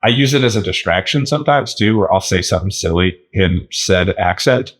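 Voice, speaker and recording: A man co-hosting a podcast in casual chat, animated and laughing often, slipping into joke accents. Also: low voice, a little fast. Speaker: podcast co-host.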